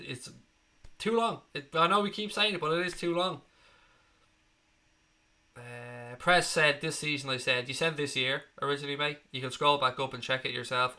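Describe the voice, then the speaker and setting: With a sharp, mid-range voice, this fan channel host from Ireland, in his thirties, runs a live football stream. He's chatty and blunt, swearing freely as he reads viewer comments aloud.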